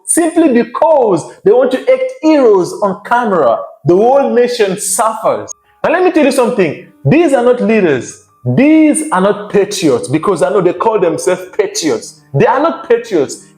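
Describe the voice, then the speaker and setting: A man's voice: high voice, darkish tone. A man hosting an opinion commentary, talking emphatically and repeating his points for effect, like a lecture. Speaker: commentary channel host. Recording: roomy echo with faint music behind.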